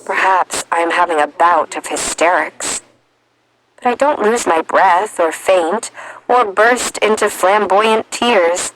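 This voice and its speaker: Measured woman reading an audiobook. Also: on the low side, a bit bright, slight background noise, low-quality recording. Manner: measured and reflective. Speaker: audiobook narrator. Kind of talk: first-person audiobook narration.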